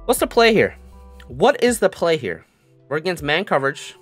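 Young man, gaming commentary, swings from mutters to shouts, sing-song gloating, animated pitch. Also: moderate pace, soft background music. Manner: excitable, swings from mutters to yelling. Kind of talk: live game commentary.

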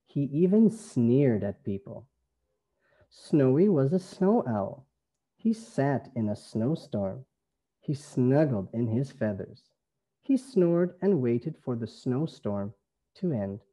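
A man from Canada with a Canadian accent, an English teacher reading a phonics lesson slowly in a sing-song way. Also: medium pitch, very animated, dark tone. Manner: slow, sing-song, stretched words.

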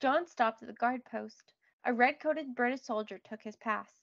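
Woman reading a kids book out loud, expressive, kinda high voice, dry lo-fi audio. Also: normal speed, vocal fry, dry recording. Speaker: read-aloud narrator. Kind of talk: children's book read-aloud.

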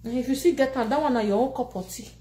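A woman speaking in a Nigerian Pidgin English accent, ranting casually to camera in an animated, laughing and scolding way. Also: fairly high pitch, racing, echoey room, a little hiss or hum. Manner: animated, laughing, scolding and mocking, switching languages. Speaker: social media personality.

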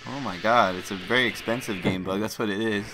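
A man's voice: fairly low pitch, brisk, background noise. A young man playing a co-op game with a friend, swearing and joking as he plays. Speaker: co-op gaming partner. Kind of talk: casual co-op gaming commentary. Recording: loud game music behind. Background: loud game music and sounds.

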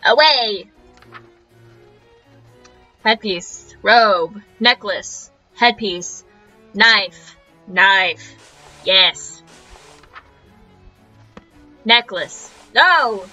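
A woman's voice: medium pitch, very slow, pauses often, pushed and bright, soft background music. A woman streaming a game, playful, reacting casually and chanting nonsense syllables. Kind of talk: casual gameplay commentary. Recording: crunchy, dull lo-fi stream audio.

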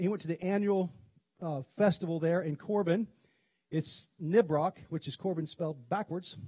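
A middle-aged pastor from Kentucky preaching a sermon, telling stories in a chatty way and laughing often. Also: male voice, fairly high pitch, dark tone, dry recording. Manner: conversational storytelling, quick to laugh. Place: church sanctuary.

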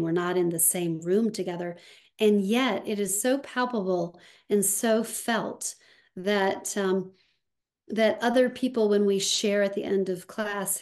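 A woman talks slowly and thoughtfully as an interview guest. She leaves soft pauses between her thoughts, and her voice sits at an ordinary middle pitch. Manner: slow, reflective, with soft pauses. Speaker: guest, somatics practitioner. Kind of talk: conversational interview.

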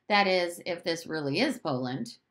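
A woman's voice: lively intonation, moderate pace, close to an everyday voice. A woman reading aloud, voicing a curious, naive nine-year-old boy in a storybook. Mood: eager. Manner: eager, high-pitched, questioning.

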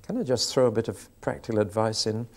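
A man's voice: lowish voice, fast. Man preaching with dry humour. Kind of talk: sermon.

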